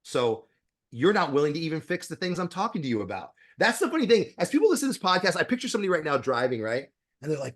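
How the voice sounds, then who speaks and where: Brash, profane man telling animated stories. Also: sits high, quick pace. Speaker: podcast guest, dentist. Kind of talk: blunt podcast interview talk.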